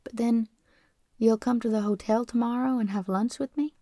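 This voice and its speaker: A woman's voice: fairly high pitch, fairly even intonation, moderate pace, mellow, no echo, clean studio sound, pitched above the performer's own voice, lightly acted. A woman voicing an eager, shy rich teenage boy who pleads in a raised, boyish tone. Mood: pleading.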